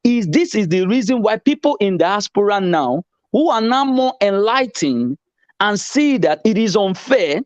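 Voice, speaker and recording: A man's voice: high voice, very animated, measured pace, no room sound. A man arguing politics in a heated casual debate, insistent and lecturing, often repeating himself. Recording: dull lo-fi sound.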